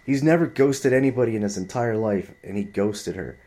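A man's voice: fairly low pitch, a little fast, dark tone. A man in his twenties telling a story in a heated, profane, rambling rant. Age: 20s.

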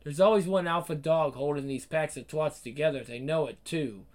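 Actor as a foul-mouthed British man, cynical, calculating, slightly higher voice, TV drama. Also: moderate pace, darkish tone, lightly acted. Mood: scheming. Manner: crude, cynical, coolly calculating. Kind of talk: scripted screen drama.

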